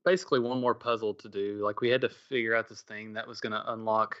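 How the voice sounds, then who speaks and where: A man's voice: lowish voice, little pitch movement, fast talker, fairly bright tone, dull audio. A middle-aged man co-hosting a podcast, telling a rambling story in casual chat with many fillers and restarts. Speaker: podcast co-host.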